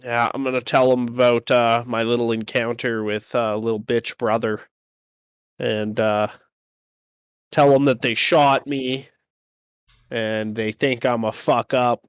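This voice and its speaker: A man's voice: medium pitch, little pitch movement, a little slow, smooth, no room sound, clean studio sound. A man playing a tabletop game, rambling and self-deprecating, swearing casually. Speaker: player. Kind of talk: casual tabletop role-play.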